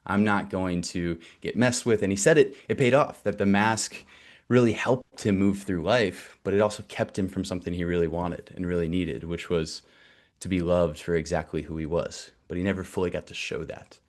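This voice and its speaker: A young man with a deep, low voice tells a personal story to an audience. He speaks candidly and casually, with easy fillers and restarts. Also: moderate pace. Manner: animated, candid, loose and conversational with fillers. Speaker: nonprofit director giving a talk.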